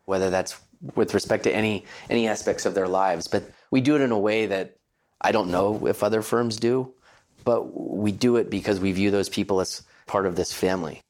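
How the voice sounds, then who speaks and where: A man with a very deep, low voice answers interview questions in a measured, earnest way. He thinks aloud and chooses his words with care. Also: a little mellow. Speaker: guest, partner at his late father's investment firm.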